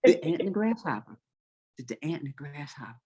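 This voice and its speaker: Woman voicing her calm old grandmother. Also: sits low, a little fast, husky, heavily acted. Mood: calm, teaching. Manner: calm, patient, instructive. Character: calm wise old grandmother teaching a lesson. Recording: slightly dull recording.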